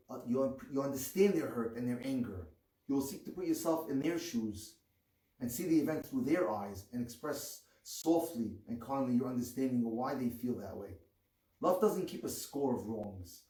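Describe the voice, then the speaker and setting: A man giving an earnest rabbi's lecture on marriage, reading with expressive rises on key words. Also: mid-range voice. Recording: echoey room, far from the mic.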